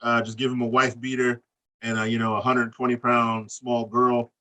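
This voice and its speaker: A man co-hosting a casual wrestling podcast, animated and loud, swearing freely and laughing as he recaps. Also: medium pitch, normal speed, recorded from a distance. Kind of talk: profane casual chat.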